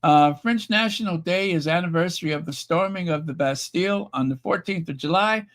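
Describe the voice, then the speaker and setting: A YouTube royal news host with a high-sitting, slightly bright voice speaks briskly on a live stream. He reads royal news reports and viewer comments, then adds sarcastic, chatty asides full of fillers and self-corrections.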